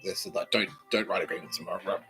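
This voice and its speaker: A low-voiced Australian man with a bright, forceful tone rambles through a profane comic monologue. He repeats phrases over and over and lurches from loud bursts to low mumbles, with faint music behind him. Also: fast talker. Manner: profane, repetitive, swings between loud outbursts and mumbling. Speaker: podcast host.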